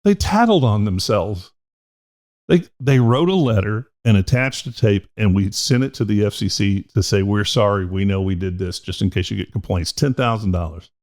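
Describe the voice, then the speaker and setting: A man's voice: on the low side, expressive, moderate pace, darkish tone. A middle-aged man, a podcast host and former radio DJ, telling rambling, profane stories in casual chat.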